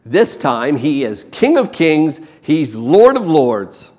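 A man preaching a sermon, slow and emphatic, repeating key words for weight. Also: a little high, very animated, darkish tone. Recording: long hall reverb.

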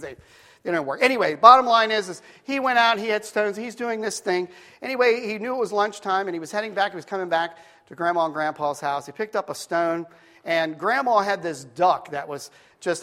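A man preaching a sermon, telling a story and acting out the characters' lines in a soft, hushed voice. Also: sits high, long reverb tail. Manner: animated storyteller, acting out voices, drops to hushed tones for quotes. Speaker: pastor.

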